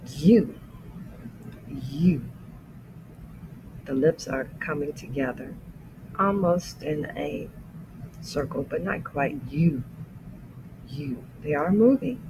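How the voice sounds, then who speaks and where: A man teaching the letters of the alphabet as an English lesson, saying each letter slowly and explaining how the mouth shapes it. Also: on the high side, lively intonation, noisy background. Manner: careful, deliberate letter-by-letter demonstration. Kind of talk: slow pronunciation lesson.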